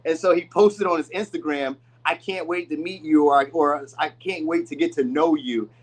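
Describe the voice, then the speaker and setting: A man talks through a tarot reading in a loose, rambling way, full of asides. His voice sits a little high for a man, and he now and then slips into voices for the people he describes. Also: normal speed, poor audio. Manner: loose, rambling, chatty delivery with many asides; acts out quoted people in voices. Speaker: tarot reader. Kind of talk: casual tarot reading to camera.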